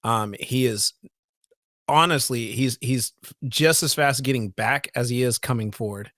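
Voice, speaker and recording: A man's voice: medium pitch, measured pace, a bit bright, dry recording. A man in the middle of his range talks sports on a podcast, keen and a little tumbling, often circling back to restart a thought. The sound is close and dry, with almost no room around it. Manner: enthusiastic, restarts and repeats words often. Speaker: podcast co-host. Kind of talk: casual sports podcast chat.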